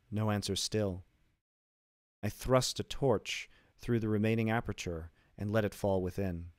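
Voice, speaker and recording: A man reading a classic story aloud in a slow, measured, deliberate way. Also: on the low side, darkish tone, dry recording, clean studio sound. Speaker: streamer reading classic literature.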